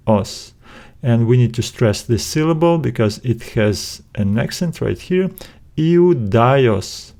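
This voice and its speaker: Slow, deliberate male teacher. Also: medium pitch, darkish tone. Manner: slow and deliberate, syllable by syllable, many "uh" fillers. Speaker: Greek language teacher. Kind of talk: slow explanatory lesson.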